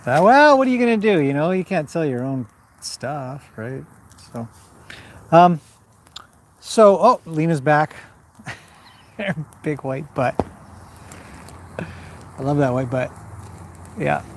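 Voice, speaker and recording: A man's voice: fairly high pitch, sing-song, slow, pauses often. A man from western Canada hosting a casual outdoor livestream, rambling between updates and reading viewer comments aloud. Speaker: livestream host. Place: outdoors by a fire at a horse farm.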